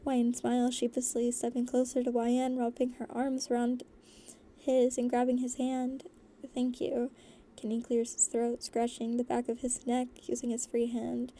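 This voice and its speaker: A woman voice actor narrating a fan story in a lively, giggly way. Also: a little high, normal speed, slight background noise.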